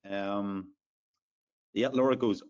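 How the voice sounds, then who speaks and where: A low-voiced man with an Irish accent hosts a live sales webinar. He chats along loosely, fills gaps with ums and uhs, and greets listeners by name. The audio sounds dull and lo-fi. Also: fairly even intonation, slow, a little mellow, smooth. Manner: chatty, filler-heavy, reads out audience names. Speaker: webinar host.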